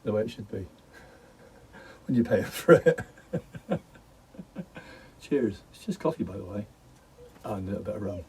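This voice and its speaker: A man's voice: fairly low pitch, expressive, normal speed, pauses often, mellow, distant mic, slight background noise, low-quality recording. A middle-aged man vlogging from his garden, rambling in a jokey way and laughing often. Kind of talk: rambling casual monologue.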